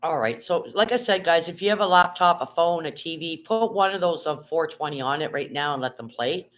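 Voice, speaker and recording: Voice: medium pitch, brisk, fairly bright tone. A live streamer in casual chat, rambling and reading viewer comments aloud, talking from bed into a phone held in hand. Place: at home, lying in bed.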